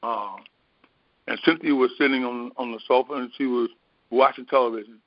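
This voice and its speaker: A man in the role of a spiritual teacher, telling a personal story in an unhurried, meandering way, often pausing on fillers. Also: mid-range voice, fairly even intonation, dry recording. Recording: dry, dull lo-fi recording.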